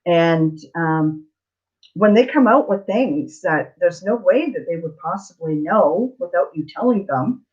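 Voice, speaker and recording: A woman's voice: on the low side, lively intonation, unhurried, darkish tone. A middle-aged woman, a psychic tarot reader telling a story in a blunt, chatty, digressive way on a live Q&A stream. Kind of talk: casual storytelling on a livestream. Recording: slightly dull lo-fi audio.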